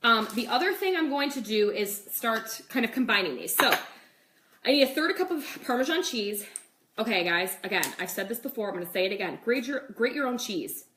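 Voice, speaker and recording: A woman's voice: on the high side, expressive, brisk, sharp tone. A young woman hosting a casual cooking demo in her home kitchen, chatting with viewers and saying "like" and "okay" a lot. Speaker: cooking show host. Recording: echoey kitchen with faint noise.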